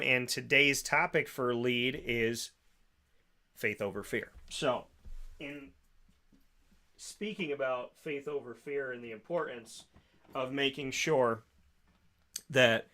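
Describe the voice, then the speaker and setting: A man hosting a local radio show, talking in a lively, repetitive way straight to his listeners. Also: medium pitch. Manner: energetic, repetitive, talks directly to listeners. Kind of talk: casual radio talk with sponsor reads and motivational segment.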